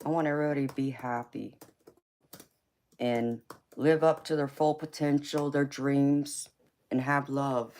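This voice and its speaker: Her bass voice stays steady and a little mellow as she talks a bit slowly, pausing often. She's a woman from the Southern United States with a heavy accent, running a casual tarot livestream where she laughs frequently, teases with sass, and calls everyone honey and baby.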